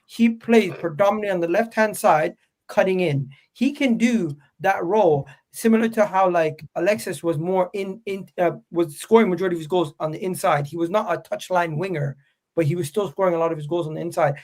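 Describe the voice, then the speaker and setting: Insistent North American man, high voice. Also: fairly quick, a little mellow. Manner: insistent, stammers and repeats himself when arguing. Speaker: football podcast host. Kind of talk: heated football debate.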